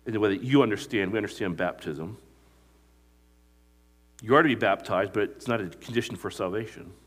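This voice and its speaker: A man's voice: fairly low pitch, a little fast, fairly bright tone. A male pastor preaching a sermon, telling stories and asking the congregation questions that it answers. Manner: asks the congregation questions and lets them fill in the answer; storytelling, retelling movie scenes.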